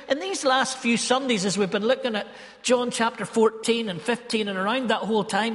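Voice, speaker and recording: A man's voice: high-pitched, a bit bright, long reverb tail. A man with a Ballymena, Northern Irish accent preaching a sermon, telling stories and stretching key phrases for emphasis. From Northern Ireland. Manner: storytelling, emphatic, drawn-out phrases.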